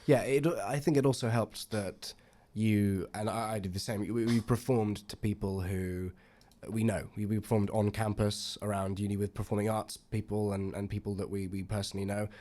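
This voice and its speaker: Curious low-voiced young man asking questions. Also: fairly even intonation, normal speed, warm tone. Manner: curious, probing questions, supportive. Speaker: podcast co-host. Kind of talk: casual chat, interviewing co-host.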